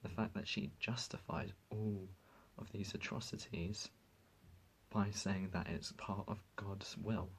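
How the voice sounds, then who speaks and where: A man's voice: on the low side, steady tone, measured pace, gravelly, a little hiss or hum, poor audio. A man vlogging to his viewers, speaking in an impassioned, indignant rant that halts and restarts as he gets emotional. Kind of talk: emotional talk to camera.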